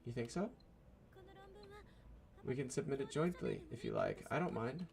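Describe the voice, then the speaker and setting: A man voices a timid young woman scientist in a visual novel reading, raised in pitch above his own low voice. She pleads softly and anxiously, eager to please, with a lively rise and fall. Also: normal speed, gravelly. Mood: pleading.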